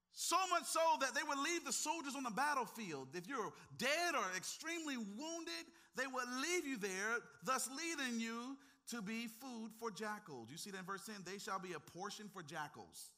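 A man preaching with a strikingly high, piercing voice that has a cutting, bright edge. He moves from quiet, conversational asides into impassioned, near-shouted climaxes. He talks straight to his congregation, teasing them along the way. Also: big pitch swings, normal speed. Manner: impassioned, swinging from hushed to shouting. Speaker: pastor. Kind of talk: sermon.

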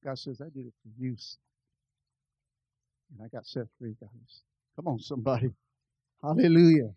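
A pastor telling a personal story in a sermon, moving between quiet, confiding asides and loud, lively peaks. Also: male voice, mid-range voice, normal speed, breathy edge, dry recording, dull audio. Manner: animated, swings from soft asides to loud climaxes.

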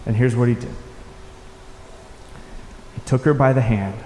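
A male pastor preaches in a mellow, warm voice with an unhurried, reflective delivery, at times dropping almost to a hush. His voice rings through a large church hall with long reverb. A faint room ambience sits underneath. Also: medium pitch, fairly even intonation, a little hiss or hum. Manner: unhurried, reflective, with soft-spoken quoted lines. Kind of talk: sermon.

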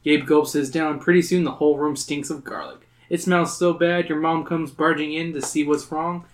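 Young man, podcast host, reading a gamebook aloud, slightly high voice, laughing, profane, playful voices. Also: fairly even intonation, normal speed.

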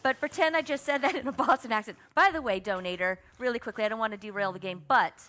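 A woman playing a tabletop game on a livestream, excitable and talking over the others. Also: fairly high pitch, quick pace. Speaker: player.

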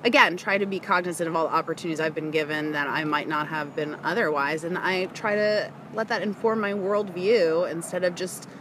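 Low-voiced frank woman, faint hiss. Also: brisk, hardly any pauses, a bit bright. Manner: candid, frank, laughs easily. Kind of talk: casual chat.

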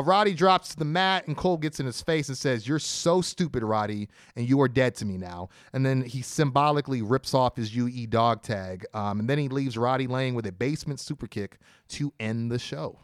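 A man co-hosting a podcast, recapping a wrestling show blow by blow in a casual, animated storytelling way and acting out quotes. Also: medium pitch, fairly quick, no room sound, studio quality. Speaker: podcast co-host.

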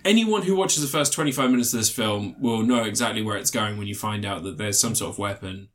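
A podcast co-host reviews a film in a rambling, casual way, swearing freely and mocking the characters by imitating their voices. He talks fast, with a fairly low pitch and a fairly bright tone.

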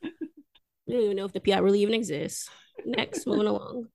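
A woman's voice: mid-range voice, quick pace, creaky, darkish tone, no echo. A woman co-hosting a casual podcast, throwing in skeptical, dry remarks. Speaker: podcast co-host.

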